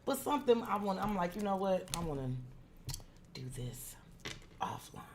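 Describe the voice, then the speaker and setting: A woman tarot reader chatting casually on a live stream, greeting viewers by name and slipping into soft asides. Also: medium pitch, very animated, normal speed, slight background noise. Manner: drops into soft asides while fiddling with setup.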